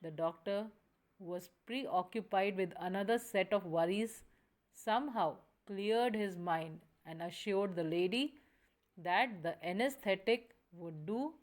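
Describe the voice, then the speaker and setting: A woman's voice: mid-range voice, darkish tone. A woman teacher reading a story aloud and explaining it line by line, with frequent restarts and self-corrections.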